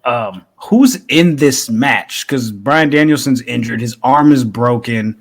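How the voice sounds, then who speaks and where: A man co-hosting a podcast in relaxed, slangy casual chat, often agreeing with his co-host. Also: medium pitch, slow.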